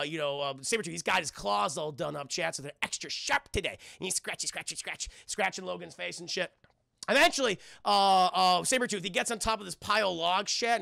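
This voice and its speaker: A man streaming a casual film recap who mocks the movie with profane, animated sarcasm and keeps talking to his chat. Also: high-pitched, gravelly, no echo, clean studio sound. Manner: sarcastic, mocking the film and slipping into voices.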